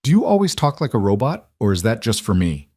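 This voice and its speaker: A man's voice: on the low side, sing-song, brisk, warm tone, breathy edge, no room sound, studio quality. A man voicing a trapped young woman who answers in cutting, bitter retorts. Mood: defiant.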